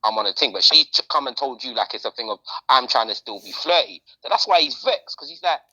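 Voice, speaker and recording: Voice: medium pitch, animated, fast, pushed and bright, low-quality recording. A podcast host, chatting casually in slang and repeating phrases for emphasis. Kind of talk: casual chat.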